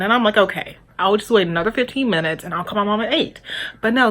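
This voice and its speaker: A woman's voice: on the low side, fairly bright tone. A young woman telling a storytime vlog, candid and profane, talking straight to her viewers. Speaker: vlogger.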